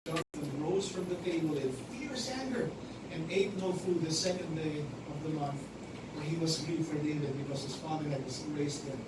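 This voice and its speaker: A man preaches a sermon in a fairly high voice, swinging from hushed lines to forceful emphasis. He sounds distant on a noisy live stream, his words ringing through a big echoing church hall. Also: normal speed. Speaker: pastor.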